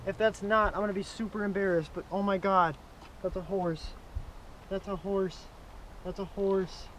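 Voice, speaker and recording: A young man vlogging from a small boat on a lake, excitable and repetitive, talking straight to the fish while fishing. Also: sits high, normal speed, poor audio. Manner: excitable, repeats himself, talks to the fish. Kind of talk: excited on-the-water commentary. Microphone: action camera on his chest. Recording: outdoor lake noise.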